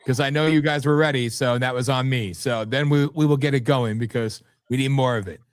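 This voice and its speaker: A man's voice: medium pitch, fairly even intonation, brisk, clear, resonant tone, dry recording, studio quality. A man hosting a live talk show, rambling and blunt, repeating words and swearing freely. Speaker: host.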